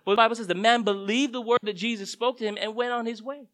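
A man's voice: high-pitched, rapid-fire, hardly any pauses, fairly bright tone, low-quality recording. A man preaching a sermon in a conversational, storytelling way, his voice rising and dropping for emphasis. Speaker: pastor.

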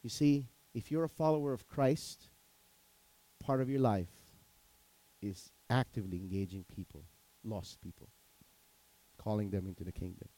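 A man's voice: on the low side, moderate pace, long pauses, warm tone, low-quality recording. A man preaching a sermon as pastor, telling stories animatedly, acting out quotes and asking the congregation questions.

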